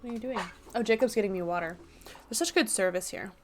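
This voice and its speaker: A woman's voice: medium pitch, fast talker, soft background music. A young woman streaming from her apartment desk, chatting casually with a playful, self-mocking manner. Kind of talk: casual live-stream chat.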